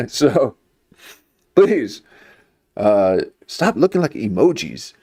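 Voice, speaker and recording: A man's voice: medium pitch, big pitch swings, extremely slow, a little mellow, husky. A man streaming, chatting casually in a rambling, jokey way. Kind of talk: casual chat.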